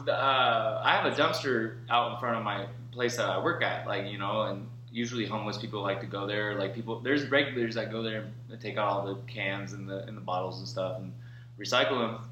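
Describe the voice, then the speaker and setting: Casual, cussing male podcast co-host; mid pitch; echoey room with a faint hum. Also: brisk, pushed and bright, dull audio. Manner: profane, rambling storyteller. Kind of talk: casual chat.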